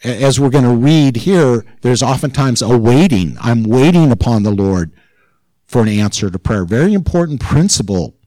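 A male pastor preaching in a relaxed, conversational way, his voice sitting at an ordinary mid pitch. The sound is close and dry, with almost no room around it. He turns more intense when he drives a point home. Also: normal speed, no room sound, rough recording. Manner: informal and chatty, rising in intensity as he stresses a point. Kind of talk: conversational sermon.

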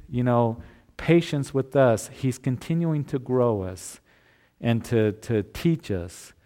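A man's voice: medium pitch, dark tone. A man preaching a sermon as pastor, earnest and conversational, with occasional restarts.

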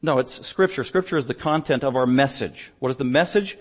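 A man preaching a sermon as pastor, emphatic, swinging between loud declarations and quiet asides. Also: medium pitch, brisk. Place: church stage.

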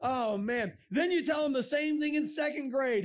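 Man, middle-aged, high-pitched, animated speaker, quizzes the audience, jokes. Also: normal speed, few pauses. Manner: animated, asks the crowd questions, jokes. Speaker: creationist speaker. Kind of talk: lively talk to a youth audience.

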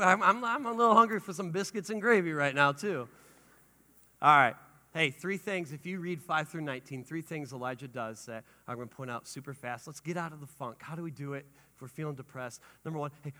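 A male pastor preaching a sermon with lively energy, rising to shouts and dropping to hushed tones. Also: a little high, brisk. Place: church sanctuary. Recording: long hall reverb.

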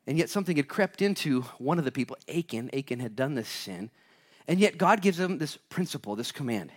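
A man preaching a lively sermon, moving between quiet asides and loud, dramatic readings with humorous touches. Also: medium pitch, brisk. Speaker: pastor.

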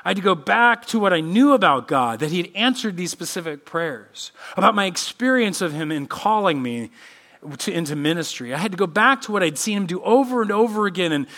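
Delivering a sermon, this middle-aged pastor gets animated and performs the voices of those he quotes. He speaks in a high pitch at a brisk clip.

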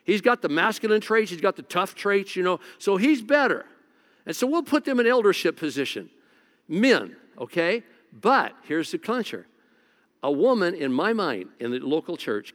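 Folksy pastor preaching in a reverberant hall. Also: male voice, high voice, big pitch swings, fairly bright tone. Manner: casual, joking, with quick restarts. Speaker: lead pastor. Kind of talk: conversational sermon. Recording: long reverb of a large hall.

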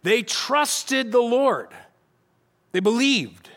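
A middle-aged male pastor preaching a sermon on a church stage, telling the story with lively acted-out voices. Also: extremely high pitch, drawn-out words. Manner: animated storytelling, acting out voices of the people.

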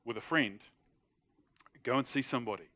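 A man's voice: medium pitch, moderate pace, sharp tone. A man preaching a sermon in a conversational, humorous way, acting out short everyday dialogues. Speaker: pastor.

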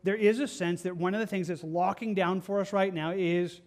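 A man's voice: high voice, steady tone, normal speed. A man preaching a conversational sermon as pastor, earnest and plainspoken, often asking his listeners questions.

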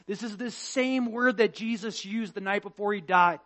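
A pastor preaching a sermon with passion, swinging between loud emphasis and hushed tones as he quotes scripture. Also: high voice, normal speed. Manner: quotes scripture and acts out prayers.

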